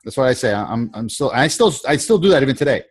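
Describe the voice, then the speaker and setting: A man at a middle pitch runs a sales coaching session over a video call. He talks casually, repeats himself and slips into the lines he wants his trainee to say. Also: sing-song, quick pace, slightly rough. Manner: repetitive, conversational, acts out quoted lines.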